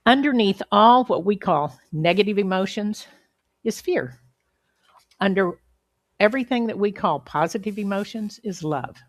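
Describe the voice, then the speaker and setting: A woman giving an inspirational sermon as a guest speaker, telling a story in an earnest, measured way with emphatic pauses. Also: mid-range voice, animated, dry recording. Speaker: guest speaker at a spiritual center.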